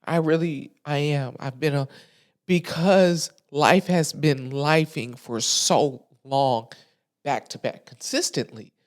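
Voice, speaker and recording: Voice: mid-range voice, slow. A podcast host giving a candid, emotional, colloquial monologue into a microphone, with frequent restarts. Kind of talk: casual heartfelt monologue. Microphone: studio microphone.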